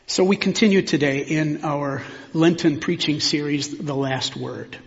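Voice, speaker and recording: Male pastor, sermon delivery, measured and reflective, slightly higher voice, church reverb and a dull sound. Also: vocal fry. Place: church sanctuary.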